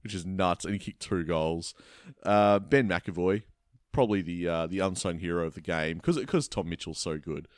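A man's voice: low voice, steady tone, no echo, clean studio sound. A man, co-hosting a casual football podcast, chatty and easygoing. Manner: easygoing, chatty, quick to laugh along. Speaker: podcast co-host. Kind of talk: casual sports chat.

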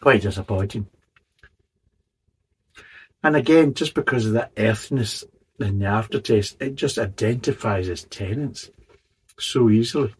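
A lowish, husky male voice talks through a beer review in a loose, rambling way. He is blunt, exasperated and swears freely as he picks the drink apart. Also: unhurried, pauses often. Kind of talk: casual spoken review.

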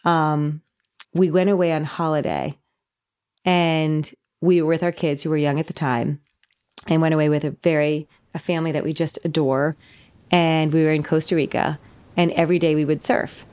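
A woman's voice: deep voice, flat delivery, moderate pace, darkish tone, clear, resonant tone. A woman, a company founder, telling a personal story in a candid, rambling way, with fillers and restarts.

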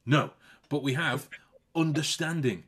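A man's voice: a little high, a little slow, a bit bright, husky. A man hosting a casual podcast chat, often restarting and repeating words and breaking into laughs. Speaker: podcast host.

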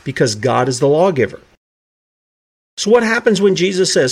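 Guy preaching a sermon, kinda high voice, keeps asking questions and acting out bible scenes. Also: sing-song, moderate pace, pauses often, husky. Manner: rhetorical questions, acts out the characters in the stories he tells.

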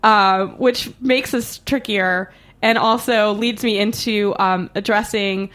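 Mujer presentadora que habla rápido y con entusiasmo. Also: female voice, medium pitch. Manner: quick, excitable, laughs often. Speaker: podcast host. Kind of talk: casual chat. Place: studio, live show.

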